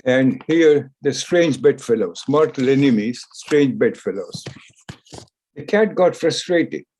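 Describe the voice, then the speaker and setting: A man lecturing on scripture, retelling an ancient story in a deliberate discourse, repeating phrases for emphasis. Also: mid-range voice, lively intonation, a little mellow, a little hiss or hum.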